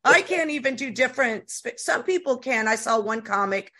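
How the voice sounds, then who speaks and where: Female podcast host, East Coast accent, bright and excitable, rambles. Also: a little high, normal speed. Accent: East Coast American. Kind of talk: casual podcast chat.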